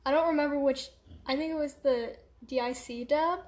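A woman's voice: high-pitched, normal speed, a little mellow, echoey room. A young woman chatting casually and rambling at home, distracted, with lots of fillers. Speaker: vlogger. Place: room at home.

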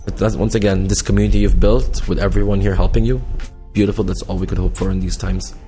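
Mellow low-voiced easygoing male guest. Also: quick pace, faint music behind. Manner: relaxed, easygoing, sprinkled with "like". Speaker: podcast co-guest. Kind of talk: casual chat.

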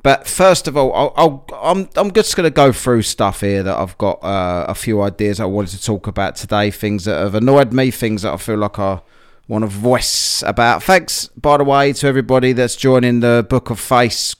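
A man's voice: mid-range voice, moderate pace, smooth. Rambling man hosting a podcast. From England. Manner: rambling, chatty, many fillers and restarts. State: a bit out of breath after a workout. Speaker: podcast host. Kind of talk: casual solo podcast rant.

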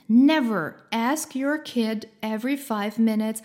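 A woman's voice: a little high, takes it slowly, a little mellow. A woman giving a casual motivational talk in an encouraging, chatty way, laughing often and using many fillers.

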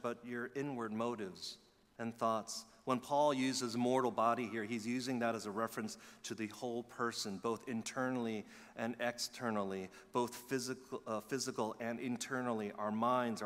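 A pastor gives a sermon in a church sanctuary, his mid-range voice ringing with the hall's long reverb. He tells stories in an animated way, swinging from loud emphasis to quiet asides.

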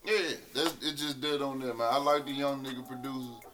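A man's voice: medium pitch, brisk. A man from Memphis telling loose, profane stories in a casual podcast chat. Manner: animated, loose, profane storytelling.

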